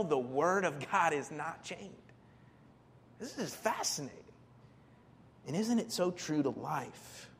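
A man preaching a sermon as a pastor, animated, acting out the people in the story and putting questions to his listeners. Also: on the high side, long reverb tail. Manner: animated, acts out quoted characters, asks the congregation questions.

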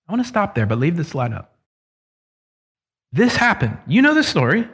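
A man preaching a sermon, his voice sitting a little high for a man. He speaks in a conversational, emphatic way, slowing to stress key words and reading scripture aloud. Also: wildly swooping pitch, a bit bright, breathy edge.

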